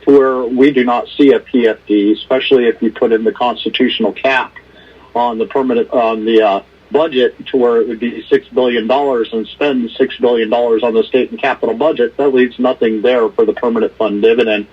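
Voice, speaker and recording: A man's voice: mid-range voice, fairly even intonation, brisk, breathy edge. A man calling in to testify at a hearing, speaking earnestly and firmly with some stumbling restarts. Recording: muffled phone line.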